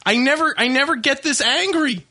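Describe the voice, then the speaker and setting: A man's voice: very high voice, normal speed, sharp tone. A man hosting a radio show, ranting angrily with heavy swearing. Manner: angry ranting, profane. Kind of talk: casual radio banter.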